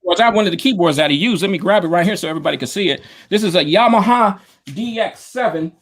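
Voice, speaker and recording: A man's voice: sits high, expressive, fast, fairly bright tone. A man, a DJ and producer, telling stories in a casual interview, rambling with lots of fillers and slang over a video call. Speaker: guest, DJ and producer.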